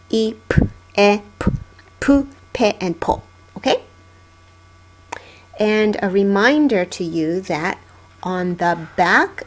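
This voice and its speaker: Woman teacher, middle-aged, very slow and patient delivery, mid-pitched, for a classroom lesson. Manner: patient, drawn-out syllable drills. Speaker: Japanese teacher.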